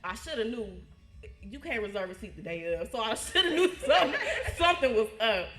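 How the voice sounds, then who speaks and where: A woman, telling a funny story at a birthday party, lively and laughing. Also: a little high, a little fast, soft background music. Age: 20s. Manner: lively, laughing, acts out quotes. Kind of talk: storytelling toast. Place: party hall, indoors. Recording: echoey room.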